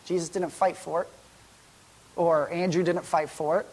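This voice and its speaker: In a church, a pastor delivers a sermon in a conversational style, musing aloud and posing rhetorical questions. He speaks at medium pitch and normal speed, with long pauses.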